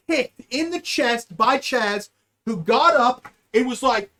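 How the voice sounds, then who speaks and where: A man hosting a live show, telling a story in a loose, profane way, speeding up and then drawing his words out. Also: extremely high pitch. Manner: animated, profane, swings between quick and drawn-out. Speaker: podcast host. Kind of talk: casual storytelling.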